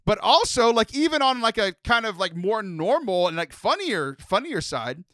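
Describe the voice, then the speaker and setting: Male podcast host from Texas, animated rambler, bright tone. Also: sits high, moderate pace, no room sound. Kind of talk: casual podcast chat.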